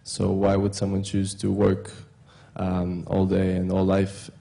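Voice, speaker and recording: A man's voice: low voice, monotone, a little slow, gravelly, dark tone. A man in the audience, an industrial designer, hesitantly asking the speaker a question. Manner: hesitant, with fillers. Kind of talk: conference Q&A.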